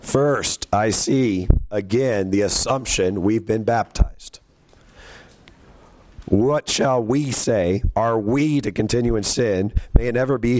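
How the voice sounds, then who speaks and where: A man with a fairly low voice leads a Bible lesson from the pulpit. He talks to the congregation conversationally and keeps putting questions to them as he works through each passage. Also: a little mellow. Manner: conversational, quizzes the listeners. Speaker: preacher. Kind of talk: sermon teaching from scripture.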